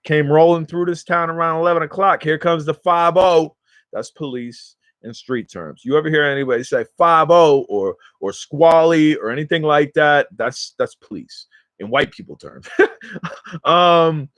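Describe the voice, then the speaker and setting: A man's voice: fairly high pitch, moderate pace, fairly bright tone, no echo. A man casually telling a rambling story straight to his viewers in slangy, everyday speech, speaking close to the mic. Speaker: cannabis vlogger.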